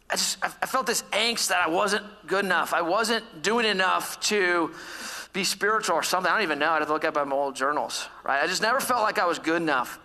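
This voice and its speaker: A man in his thirties preaches in a church, telling stories about himself with an easy, self-deprecating humor and frequent laughter. His voice sits high for a man and sounds bright and forward. A long reverb from the hall trails after his words. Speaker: pastor. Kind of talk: sermon.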